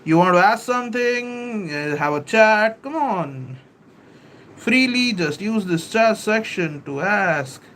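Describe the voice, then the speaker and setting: Man, live-stream host, casual teaching, unhurried, bright tone, hesitant restarts. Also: sits high, animated, a little hiss or hum. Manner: chatty, reads viewer comments aloud, says "bro" and "kindly" often; self-correcting, hesitant restarts. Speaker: livestream host explaining software models.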